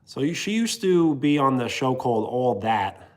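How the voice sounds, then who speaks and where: A man's voice: mid-range voice, sing-song, normal speed, a little mellow. A man hosting a livestream, chatting casually and playfully with viewers and joking with his chat. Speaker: livestream host.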